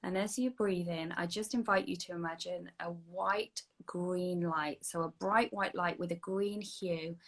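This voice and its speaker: A woman guiding a slow, soothing breathing and energy healing meditation, sometimes dropping to a soft whisper. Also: fairly low pitch. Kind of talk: guided meditation. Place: online video session.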